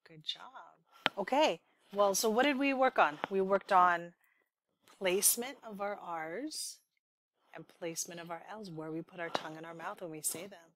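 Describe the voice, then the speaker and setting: A woman's voice: lowish voice, normal speed, noisy background. A woman leading a speech therapy demonstration with a child, patient and encouraging, carefully modeling sounds.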